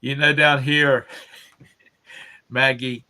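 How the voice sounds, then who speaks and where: Male co-talker, bright tone, slow relaxed casual delivery. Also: mid-range voice. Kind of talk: casual chat.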